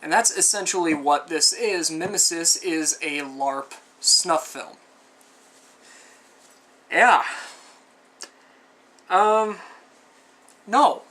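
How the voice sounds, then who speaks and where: A movie reviewer with a fairly high, pushed, bright voice speaks very slowly with long pauses. His casual spoken film review rambles conversationally through frequent asides, sounding exasperated and sarcastic.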